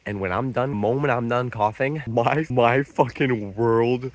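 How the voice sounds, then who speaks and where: A man's voice: mid-range voice, a little slow. Slangy young man telling a wild story. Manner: slangy, rambling, excitable. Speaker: vlogger. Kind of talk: casual storytelling.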